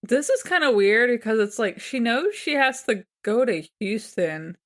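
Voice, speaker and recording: A woman co-hosting a podcast, casually narrating the episode in a relaxed, amused way. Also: a little high, measured pace. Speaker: podcast co-host. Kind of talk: casual recap chat.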